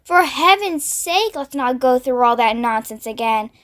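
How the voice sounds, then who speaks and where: A woman's voice: high-pitched, animated, unhurried, fairly bright tone. Woman reading as a gloomy earthworm.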